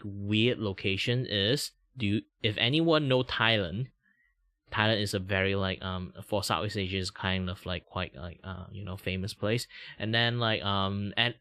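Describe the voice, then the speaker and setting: A man from Malaysia hosting a casual live stream. His low voice swings widely, with frequent laughs and sudden high exclamations, heard close and dry on a desk mic. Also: dry recording. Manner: animated, laughs often, jumps into high exclamations. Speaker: streamer and host. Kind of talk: casual livestream chat.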